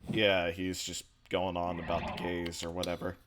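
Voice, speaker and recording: A man's voice: low voice, completely flat delivery, normal speed, background noise. A man hosting a let's play, reading visual novel text aloud with casual, offhand asides. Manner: casual, offhand asides between read lines.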